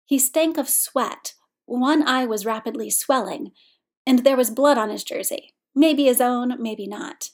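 A woman narrating fan fiction in a measured, even storytelling manner. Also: a little high. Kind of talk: reading fan fiction aloud.

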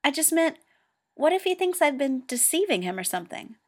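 A woman's voice: sits high, big pitch swings, fairly quick, pitched above the performer's own voice. A woman voicing a flustered teenage boy. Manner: raised, indignant and exasperated. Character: flustered teenage boy Go player, defensive and excitable. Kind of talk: amateur audiobook reading.

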